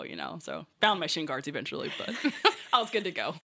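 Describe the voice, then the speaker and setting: A woman in her thirties recounts a moment from her career with lots of "you know" and "like". Her voice is bright and forward, and she keeps breaking into laughter as she goes. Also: deep voice, fairly quick, gravelly. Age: 30s. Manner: animated, laughing storyteller with many fillers. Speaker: guest soccer player. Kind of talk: casual storytelling.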